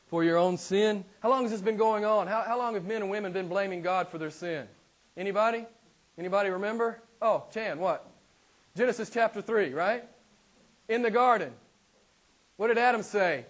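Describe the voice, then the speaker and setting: A man's voice: high voice, brisk. A man preaching a sermon in a church, emphatic and direct, often acting out the voices of people who blame God. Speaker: pastor.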